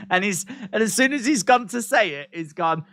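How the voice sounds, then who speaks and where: A man's voice: high-pitched, moderate pace, dry recording, soft background music. Guy doing wrestling reactions, voice jumps all over, dry close mic. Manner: animated, repeats lines, laughs at himself. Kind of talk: live reaction commentary.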